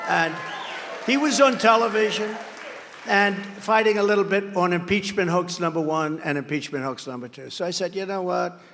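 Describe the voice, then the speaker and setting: A man's voice: high-pitched, moderate pace, a bit bright, a faint crowd, a little hiss or hum. A man giving a rambling, boastful campaign rally speech at a podium microphone, mocking his rivals by acting out their words. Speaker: political candidate. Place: large campaign rally venue. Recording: long reverb of a large venue.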